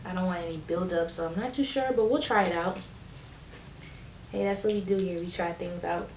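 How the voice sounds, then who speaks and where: A woman's voice: fairly low pitch, a little fast, a little mellow, reverberant, slight background noise. A woman vlogger chatting casually and encouragingly to her viewers as she shows a hair routine. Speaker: beauty vlogger. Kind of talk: casual how-to chat.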